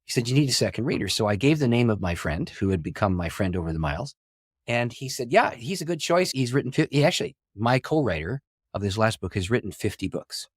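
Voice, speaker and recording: A middle-aged man, a pastor and author, telling a long story in an interview with animated delivery, acting out quoted dialogue and laughing often. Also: on the low side, fast, dry recording, clean studio sound. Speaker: pastor and author, podcast guest.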